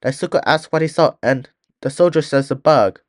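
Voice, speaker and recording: A man's voice: on the high side, normal speed, dry recording, studio quality. A man reading a fan-written story aloud in a plain way, often restarting words. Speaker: story reader.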